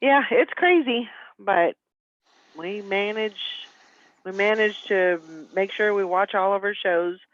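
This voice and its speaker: A woman's voice: medium pitch, takes it slowly, dry recording. A woman hosting a casual morning chat show, chatting and agreeing with her guests. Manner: chatty, brief agreeing interjections. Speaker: host of a morning live-stream show. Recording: dull lo-fi sound.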